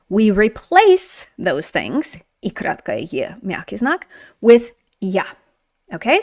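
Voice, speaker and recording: A woman's voice: on the high side, no room sound, studio quality. A woman teaching a video language lesson in an upbeat, encouraging, chatty way while writing on a board.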